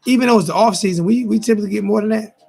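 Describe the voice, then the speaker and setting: A weary sports talk host in his forties rambles through a casual late-night livestream, repeating himself as he talks directly to his chat. His high voice is very fast, creaky, and husky yet a little mellow, with faint music in the background.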